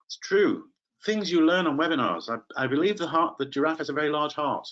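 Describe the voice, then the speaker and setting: A man's voice: on the high side, expressive, a little fast, a bit bright, dull audio, slight background noise. A man training teachers in a live online webinar, chatty and playful, calling on participants by name.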